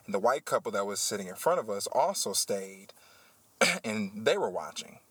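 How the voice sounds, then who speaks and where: A man who works as a teacher, hosting a casual podcast chat and telling a story with animated, heated energy. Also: lowish voice, moderate pace, breathy edge, no echo. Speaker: podcast host.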